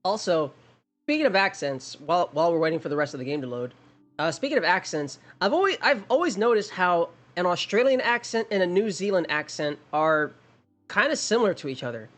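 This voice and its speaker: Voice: medium pitch, expressive, a little fast, a bit bright. A streamer chatting casually during a game, rambling with many restarts and thinking aloud. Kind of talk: casual livestream chat.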